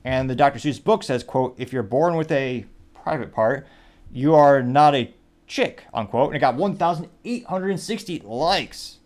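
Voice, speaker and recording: A man's voice: medium pitch, lively intonation, normal speed, a little mellow. A male host in casual commentary mode, reading posts and memes aloud to his viewers. His voice sits in an ordinary middle range, and he drifts into wry, rambling asides between the quotes.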